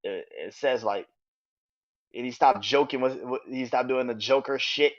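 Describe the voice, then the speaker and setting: A man hosting a podcast, talking casually and excitably about wrestling and swearing freely. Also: mid-range voice, normal speed. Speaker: podcast host. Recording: dull lo-fi sound.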